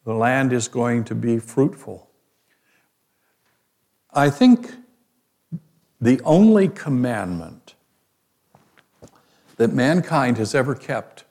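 A man preaching in a slow, unhurried way, his voice mellow and warm. He reads scripture passages aloud and explains them verse by verse. Now and then he stops to put a question to his listeners. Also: mid-range voice. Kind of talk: sermon, Bible teaching.

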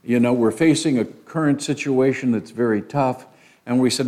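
An older man gives a teaching sermon in a plain, mid-pitched voice. He talks conversationally, often pausing on fillers and restarting his sentences. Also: warm tone. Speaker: Bible teacher.

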